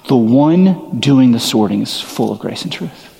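A man's voice: mid-range voice, lively intonation, unhurried, creaky, mellow, long reverb tail. A male pastor preaching a sermon in a casual, earnest way, full of "like" fillers. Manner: conversational, filler-heavy, earnest.

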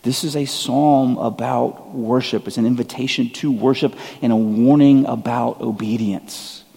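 Husky-voiced preacher in a reverberant hall. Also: male voice, mid-range voice, steady tone, measured pace, warm tone. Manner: conversational, earnest, self-deprecating. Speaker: pastor. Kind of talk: sermon.

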